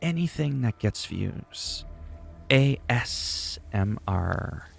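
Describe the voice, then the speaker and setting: A man's voice: on the low side, very animated, extremely slow, vocal fry, faint music behind. A man chatting casually on a gaming livestream, rambling and goofy, often poking fun at himself. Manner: rambling, goofy, self-deprecating.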